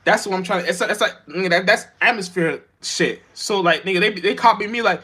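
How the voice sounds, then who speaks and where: A man rambles through a spiritual monologue, stumbling and restarting. His voice sits a little high and sounds bright and forceful, breaking into emphatic bursts of slang. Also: brisk, slightly rough. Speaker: vlogger.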